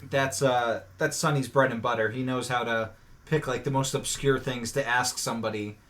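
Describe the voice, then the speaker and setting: A man's voice: mid-range voice, fairly even intonation, normal speed, fairly bright tone. A man, producer and regular on a podcast, talking in a laid-back, hesitant way with many fillers. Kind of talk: casual chat.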